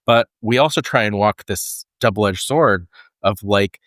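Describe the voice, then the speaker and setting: A man's voice: on the low side, a little slow, a bit bright, dry recording, studio quality. A man co-hosting a podcast, talking in earnest and thinking aloud with frequent restarts. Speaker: podcast co-host. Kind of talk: casual conversational podcast.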